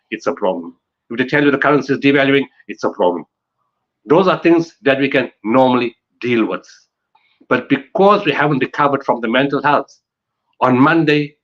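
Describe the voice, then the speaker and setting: A man's voice: medium pitch, a bit bright, lo-fi sound. A man from South Africa giving an emphatic conference talk on disaster management, building his points through repetition and rhetorical questions.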